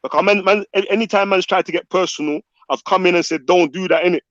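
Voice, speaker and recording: A man's voice: high voice, fairly even intonation, quick pace, a bit bright, dry recording. A man with hosting a heated live-stream debate, cutting in and repeating words urgently. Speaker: stream host moderating a debate. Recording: dull lo-fi online audio.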